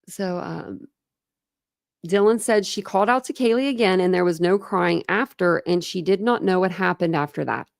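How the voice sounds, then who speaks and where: A young woman hosts a true crime show, reading official documents aloud and stopping often to think out loud in a casual, filler-heavy way. Her voice sits a little low and has a gravelly edge. The sound is dry and close, with no room around it. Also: no room sound. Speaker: true crime channel host.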